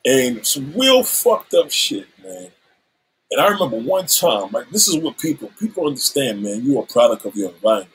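Husky middle-aged guy telling a raw story, lively pitch, cursing a lot. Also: normal speed, rough recording. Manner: animated, swears freely, acts out quoted lines. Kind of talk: candid personal storytelling.

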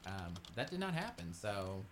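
A man's voice: fairly low pitch, very animated, normal speed, noisy background. A man from the United States co-hosting a talk radio show, easygoing and rambling, hedging his points. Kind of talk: casual talk radio chat.

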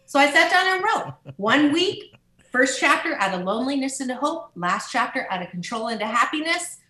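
Upbeat animated woman in an echoey room. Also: normal speed. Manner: upbeat, animated storyteller, swoops into high voices. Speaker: author and motivational speaker. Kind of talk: podcast interview.

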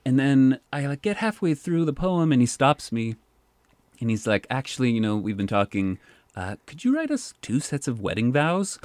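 A man who works as a park poet, telling stories in a casual, animated way and filling his speech with "like". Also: mid-range voice, normal speed, dry recording. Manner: animated, says "like" often. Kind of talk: casual storytelling.

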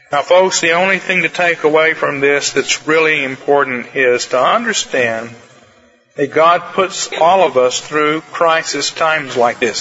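A man preaching a sermon as pastor, earnest and emphatic, with slow stresses and quick asides. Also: fairly high pitch, sharp tone, muffled recording.

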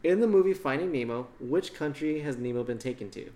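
A man's voice: mid-range voice, animated, brisk, mellow. A man hosting a casual quiz among friends, laid-back and cursing offhand. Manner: laid-back, swears casually, laughs while asking. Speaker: quiz host. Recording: echoey room, faint noise.

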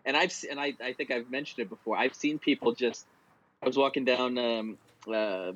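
A man's voice: mid-range voice, normal speed, a bit bright, dull audio. A man in casual chat, a playful, rambling storyteller who often restarts his sentences.

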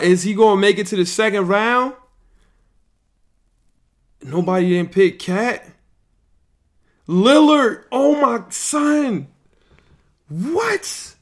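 A podcast host reacting live to a fantasy draft, excitable, yelling and laughing. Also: male voice, high voice.

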